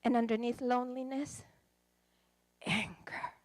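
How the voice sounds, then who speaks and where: Woman preacher telling a story, kinda high voice, gets dramatic, loud then soft. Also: fairly even intonation, unhurried, dry recording. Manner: emotive, dramatic storytelling with swings in loudness. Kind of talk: sermon with counseling story.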